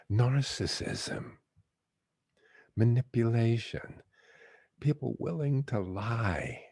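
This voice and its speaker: A man hosts a guided-imagery talk, telling teaching stories in a gentle, unhurried way. His voice is low, gravelly and husky. The sound is close and dry. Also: dry recording. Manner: gentle, unhurried, chuckling storyteller.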